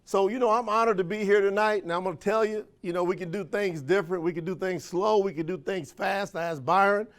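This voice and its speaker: Brisk and hardly ever pausing, a man with a high, bright voice gives a motivational speech to a sales training in an event room. He speaks in countrified, folksy terms and keeps firing questions at the audience in call-and-response fashion.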